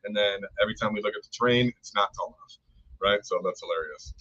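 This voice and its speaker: A man's voice: fairly low pitch, fast, bright, forceful tone. A man co-hosting a casual live stream, talking enthusiastically, rambling and thanking viewers by name. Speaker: co-host. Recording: dull lo-fi stream audio.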